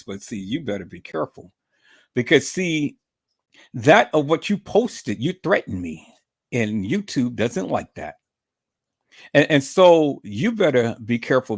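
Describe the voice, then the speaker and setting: A man's voice: medium pitch, slightly rough. A man hosting a livestream, taunting and repetitive as he calls out a rival and greets viewers in chat. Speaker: livestream host.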